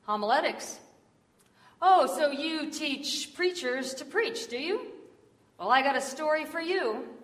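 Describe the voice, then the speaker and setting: Woman putting on a friendly old white-haired man, chatty, highish voice, echoey hall, distant mic. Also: animated, a little slow, fairly bright tone.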